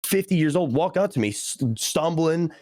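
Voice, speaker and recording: A young man chatting on a podcast, his voice a touch high and his delivery animated as he acts out the people in his story. The sound is close and dry, with little room in it. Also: brisk, no room sound. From Philadelphia area, USA. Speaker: podcast guest. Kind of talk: casual podcast chat.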